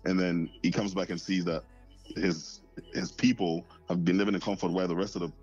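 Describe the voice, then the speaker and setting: A man's voice: low voice, flat delivery, brisk, a little mellow, soft background music. A man from the north of the UK, a guest in a casual podcast chat, arguing his point with playful sarcasm over a dull, lo-fi remote line.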